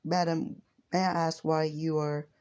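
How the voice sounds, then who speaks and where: A man's voice: on the high side, little pitch movement, measured pace, a little mellow, clean tone, lo-fi sound, voice pushed up, lightly acted. A man voicing an overly polite young male hero who talks formally and stammers over his words. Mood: stiffly polite.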